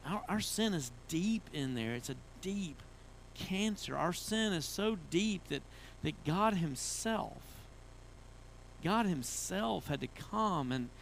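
A male pastor preaching in a church, his voice sitting a bit high for a man. He talks in a loose, conversational way, restarting phrases and building into emphatic runs. A faint hum of room ambience lies under the recording. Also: animated, slow, vocal fry, fairly bright tone. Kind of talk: sermon. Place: church sanctuary.

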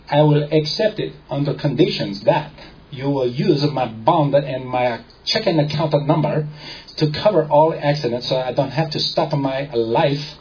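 A man putting on a French accent to play a smug, unflappable rich Frenchman who speaks slowly and with exaggerated courtesy. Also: medium pitch, darkish tone, muffled recording, pitched above the performer's own voice, natural voice. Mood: unbothered. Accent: French, put on. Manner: slow, overly formal and courteous.

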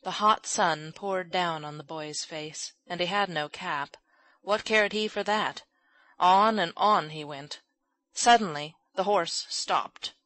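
A woman's voice: slow pace, a bit bright, poor audio. A woman reading a classic children's novel aloud as an audiobook narrator, lifting her voice for the characters' lines. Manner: voices characters with raised pitch and volume.

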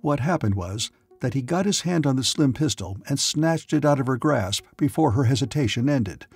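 A man's voice: medium pitch, animated, normal speed, a little mellow, breathy edge. A man narrating a science fiction audiobook with dramatic storytelling. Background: faint music.

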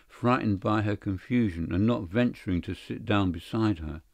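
Gravelly, low-voiced male audiobook narrator. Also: darkish tone, no room sound. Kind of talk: scripted literary narration.

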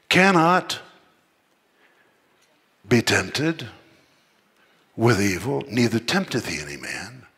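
A man preaching a sermon in an emphatic manner, building to forceful outbursts. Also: mid-range voice, husky. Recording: long hall reverb.

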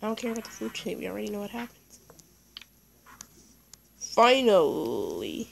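A woman giving excitable let's play commentary, talking to the animals in her game as she plays. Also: medium pitch, moderate pace, creaky, slight background noise, low-quality recording. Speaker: gaming YouTuber.

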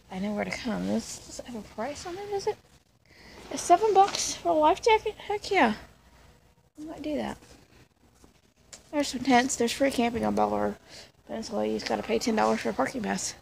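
A vlogger strolls through a big retail store chatting into her handheld phone, rambling casually and tossing in jokey asides. Her voice is slightly high, slightly fast, creaky and darkish, set against a noisy store background.

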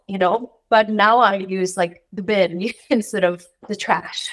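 A woman's voice: mid-range voice, steady tone, moderate pace, hardly any pauses, low-quality recording. A woman from the United States, a dog groomer, chatting as an interview guest with frequent laughs and many filler words. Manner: laughing often, many "like" fillers, quoting others in asides. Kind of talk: casual interview chat.

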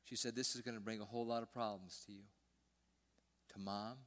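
An older man preaching a sermon as pastor, telling a personal story and swinging between loud emphasis and hushed, almost whispered lines. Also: fairly low pitch, steady tone, brisk. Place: church sanctuary.

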